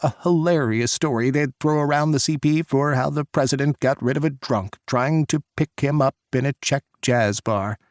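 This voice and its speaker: A man narrating an audiobook in measured, dramatic storytelling. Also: mid-range voice, a little mellow, no echo, clean studio sound. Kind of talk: scripted narration.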